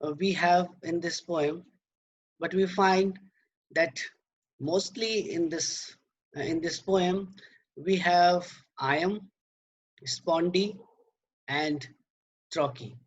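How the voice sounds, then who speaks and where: Slow, halting male lecturer. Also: sits high, husky, highs cut off. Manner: slow, halting, many repeated words and fillers. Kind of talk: academic lecture on poetry.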